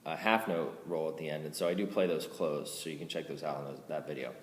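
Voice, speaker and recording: A man teaching drum rudiments in a casual way, counting strokes aloud louder than he explains. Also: a bass voice, fairly even intonation, fast talker. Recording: roomy reverb with loud background noise.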